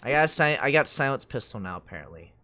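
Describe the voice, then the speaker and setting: A man's voice: mid-range voice, very animated, fast, pushed and bright, a little hiss or hum. A young man streaming a video game, talking casually and swearing often, with frequent frustrated outbursts at the game. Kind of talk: live gameplay commentary.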